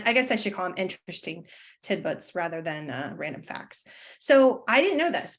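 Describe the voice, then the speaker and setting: Chatty woman teacher giving a webinar. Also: medium pitch. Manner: chatty, self-deprecating, many fillers and restarts. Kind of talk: live online presentation.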